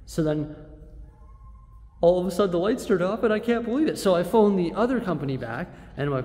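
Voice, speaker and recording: In a high, slightly mellow voice with lively intonation and a somewhat fast pace, a man talks straight to his viewers in a rambling, exasperated handheld vlog. He's in an empty, reverberant building and later a big store, and the echoey sound trails off with a long reverb tail.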